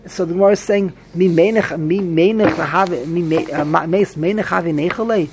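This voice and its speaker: A man's voice: high-pitched, brisk, background noise. A man teaching a Talmud class, repeating himself animatedly and mixing English with Hebrew and Yiddish terms.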